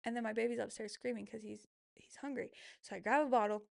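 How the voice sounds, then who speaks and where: A woman's voice: fairly high pitch, steady tone, fast talker, creaky, no echo, clean studio sound. A young woman in her twenties hosting a podcast, telling a personal story in a candid, emotional, casual way, with lots of "like" fillers. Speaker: podcast host.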